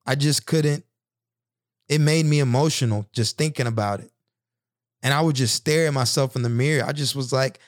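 A man's voice: fairly high pitch, no echo, studio quality. A man in his thirties hosting a podcast, telling personal stories in an earnest, reflective monologue with frequent restarts. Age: 30s. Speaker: podcast host.

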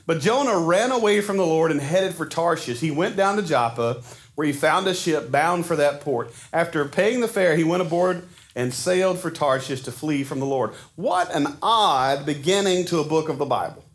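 A man in his forties preaching a sermon in a casual, animated storytelling way, acting out the quotes he tells. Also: on the high side, moderate pace. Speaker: pastor.

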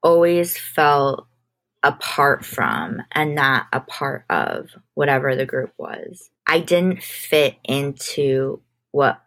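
Low-voiced woman guest, candid. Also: lively intonation, takes it slowly, a bit bright. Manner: candid, thoughtful, frequent restarts. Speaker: guest, entertainment manager. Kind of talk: casual conversational interview.

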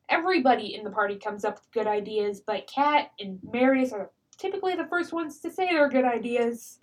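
A podcast guest, a woman, tells tabletop game stories in a casual chat, animated and quick to laugh. Her voice sits a bit high, and she keeps slipping into character voices mid-story.

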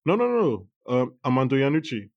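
A man co-hosting a casual podcast about a TV show, talking in animated bursts with quick asides and restarts. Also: mid-range voice, muffled recording. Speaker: podcast co-host. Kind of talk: casual chat reviewing a TV show.

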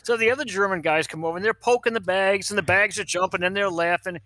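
An older man, a pediatrician, telling funny stories in an animated way and acting out the people in them. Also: high-pitched, fast, dry recording. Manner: animated, acts out other people's voices, laughs at his own stories. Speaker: guest, pediatrician. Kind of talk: anecdotal storytelling.

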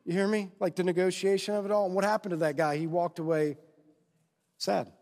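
A man's voice: high-pitched, fairly even intonation, brisk, darkish tone. A male pastor preaching a conversational sermon, constantly checking in with the congregation through rhetorical questions. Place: church sanctuary. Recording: long reverb of a large hall.

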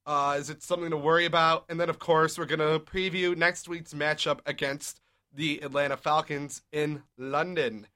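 A young man hosting a casual sports talk show, upbeat and leading the conversation with quick game recaps. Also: on the high side, steady tone, sharp tone. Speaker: podcast host.

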